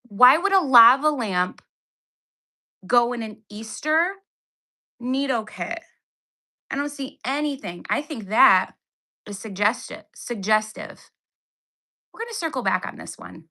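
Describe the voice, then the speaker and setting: A woman's voice: high voice, big pitch swings, measured pace, long pauses, pushed and bright. A woman in her thirties hosting a casual livestream unboxing from home on a phone, talking in an exasperated, sarcastic, chatty way. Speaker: livestream host. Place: home, indoors.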